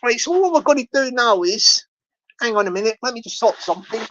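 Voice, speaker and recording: A woman rambles through a casual livestream, breaking into hummed and sung snatches of tunes. Her voice sits a little high, and the audio is dull and lo-fi. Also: animated, brisk. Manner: rambling, hums and sings snatches of songs. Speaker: livestream host.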